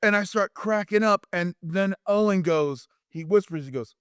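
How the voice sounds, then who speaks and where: A man in his fifties, a former wrestler and interview guest, telling lively anecdotes and acting out quotes with frequent restarts. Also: sits high, normal speed, few pauses, smooth, no echo, studio quality. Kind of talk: animated storytelling in a podcast interview.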